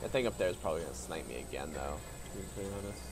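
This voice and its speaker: Man, game streamer, casual play commentary, swears at enemies, animated. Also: low-pitched, rapid-fire, background noise. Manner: excitable, swears at enemies, self-mocking.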